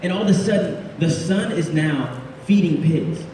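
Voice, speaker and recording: A man preaching a casual, jokey sermon, laughing often and adding quick asides. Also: a little high, expressive, dark tone, slight background noise. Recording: echoey hall, speaker far from mic.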